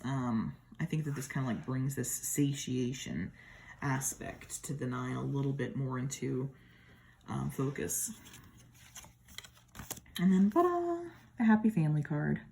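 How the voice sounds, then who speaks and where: A woman's voice: very deep voice, unhurried, creaky, dark tone, a little hiss or hum. A woman from the American Midwest with a Midwestern accent, chatting casually and admiringly as she compares tarot decks at home. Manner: chatty, admiring, with playful asides. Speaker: tarot deck reviewer. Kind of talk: casual deck comparison talk.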